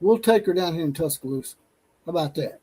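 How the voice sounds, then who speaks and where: A man's voice: a little high, animated, fast talker, mellow, a little hiss or hum, low-quality recording. A man co-hosting a live sports watch party stream, laid-back as he reads viewer comments aloud. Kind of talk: casual live-stream chat.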